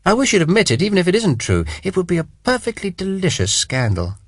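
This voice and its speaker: A man's voice: on the high side, sing-song, moderate pace, fairly bright tone, no echo, studio quality, pitched above the performer's own voice. A man reading an audiobook, voicing a mocking, rakish aristocratic British officer in a raised, theatrical voice. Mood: conspiratorial hush. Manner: teasing, theatrical, bellowing. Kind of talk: audiobook character voice.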